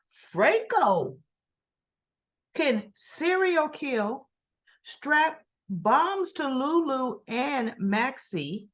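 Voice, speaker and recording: A high-pitched woman with lively intonation speaks very slowly, leaving long pauses. She gives a casual, sassy soap opera recap packed with rhetorical and tag questions, talking straight to the characters.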